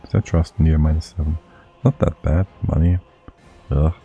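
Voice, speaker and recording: A man's voice: rumbling low, fairly even intonation, moderate pace, mellow, slightly rough, muffled recording, faint music behind. A man streaming a strategy game live, thinking aloud and muttering to himself as he plays.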